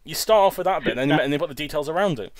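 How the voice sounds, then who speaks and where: A man's voice: on the high side, animated, very fast, no room sound. A man hosting a let's play, rambling through casual commentary with lots of stammered restarts and laughs.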